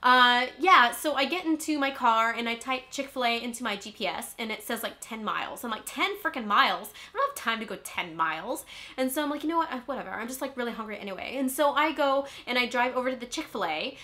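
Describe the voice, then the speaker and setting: A woman's voice: a little high, lively intonation, quick pace, bright, forceful tone. A woman from California playing a ditzy, spoiled, rich young Valley Girl with a Valley Girl accent, talking in a comedic vlog monologue full of "like" and whiny uptalk. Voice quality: constant "like" fillers, airheaded whiny uptalk.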